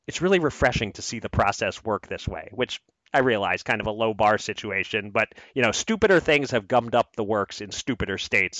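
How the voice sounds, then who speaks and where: A man's voice: medium pitch, a bit bright, no room sound. A man from Philadelphia hosting a casual podcast, chatty with frequent restarts. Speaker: podcast host.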